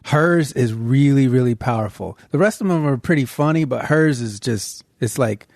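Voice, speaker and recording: A man chiming in on a podcast, easygoing and enthusiastic. His voice is mid-pitched and close-miked in a dry room. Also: moderate pace, darkish tone, no echo. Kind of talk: casual chat.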